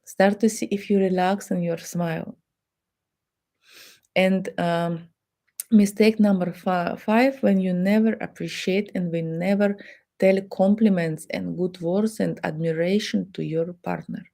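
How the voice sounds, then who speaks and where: Mellow-voiced Russian woman giving advice. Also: on the low side, fairly even intonation, measured pace, creaky. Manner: non-native English with simple grammar, acts out quoted dialogue. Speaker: female therapist giving relationship advice. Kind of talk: advice talk to the camera.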